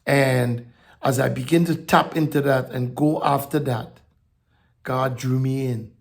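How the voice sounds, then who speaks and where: A man preaching a sermon, halting and repeating words, swinging from soft reflection to emphatic declarations. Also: mid-range voice, steady tone, vocal fry.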